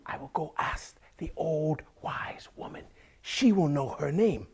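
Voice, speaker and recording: A man voicing an excitable, simple-minded farmer in a told folk tale, his voice jumping high and strained. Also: a little slow, breathy edge, whispered, exaggerated voice. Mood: eager.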